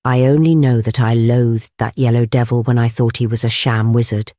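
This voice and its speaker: Reader doing a gruff, emphatic male doctor, impatient, audiobook, middle pitch. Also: steady tone, moderate pace, warm tone, dry recording, studio quality, natural voice. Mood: scornful. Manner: growling, emphatic. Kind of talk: audiobook dialogue.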